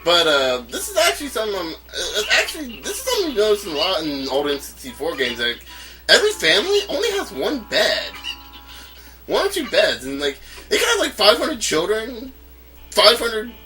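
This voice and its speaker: A man's voice: sits high, wildly swooping pitch, a little fast, low-quality recording. A man from North Carolina giving casual, rambling commentary while playing a game, stammering and chuckling often. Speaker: let's play host. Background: game music.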